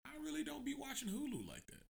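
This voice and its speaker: Animated gravelly man in his twenties. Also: fast. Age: 20s. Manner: animated, swears freely, jumps into high pitch when quoting people. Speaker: podcast co-host. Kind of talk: casual chat.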